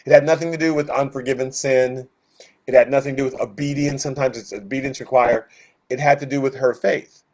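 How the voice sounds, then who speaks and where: Leading a Bible study, a man teaches conversationally with plenty of fillers, acting out the voices in the stories he retells. His medium-pitched voice is brisk and a little mellow, holding a steady tone.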